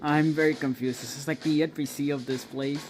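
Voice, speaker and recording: A man's voice: a little high, flat delivery, brisk, background noise. A young man reading a game story aloud, with casual, amused asides between the dialogue. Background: background music.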